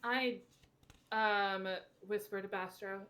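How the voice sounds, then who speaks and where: A woman's voice: mid-range voice, fairly even intonation, slow pace, a bit bright. A woman playing a tabletop game, speaking hesitantly with many ums. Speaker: player. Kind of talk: casual tabletop play.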